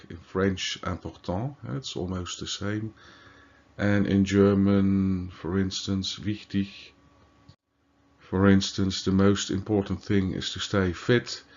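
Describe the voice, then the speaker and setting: Teacher, male, native Dutch speaker: slow, deliberate explainer, lowish voice, dull lo-fi sound. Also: a little mellow. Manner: slow, deliberate, with fillers and self-corrections. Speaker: language teacher. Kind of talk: slow explanatory grammar lesson. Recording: dull lo-fi recording.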